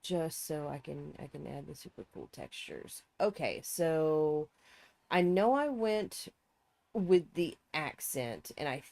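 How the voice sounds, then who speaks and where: A woman chats through a building-game stream, her low voice swinging widely in pitch. She thinks aloud and teases herself as she works. A sore throat roughens her talk. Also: animated, slow pace, a little mellow, no echo. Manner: chatty, self-mocking, thinking aloud.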